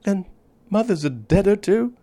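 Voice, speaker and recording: A man's voice: sits high, animated, moderate pace, mellow, pitched above the performer's own voice. A man putting on a grave little girl. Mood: earnest, childish. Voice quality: childish voice. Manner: old-fashioned folksy speech. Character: five-year-old girl, grave and earnest.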